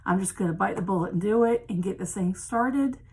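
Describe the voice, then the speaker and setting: A woman in her fifties from Maryland, USA, whose accent mixes Maryland with South Carolina, chats casually to camera as a cross-stitch vlogger. Her medium-pitched voice is fairly quick, a little mellow, and breathy at the edges, and she rambles with frequent ums. The recording is rough.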